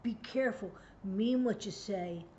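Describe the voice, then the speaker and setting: Unhurried and mid-range with a darkish tone, this voice belongs to a parenting educator in her sixties. Speaking directly to camera, she teaches earnestly and emphatically, at times performing both parent and child voices, on a dull, lo-fi recording with faint background hum.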